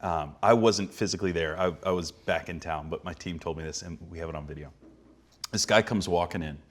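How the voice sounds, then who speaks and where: A minister eagerly telling a story, quick and playful, making little sound effects. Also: male voice, sits low. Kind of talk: casual storytelling.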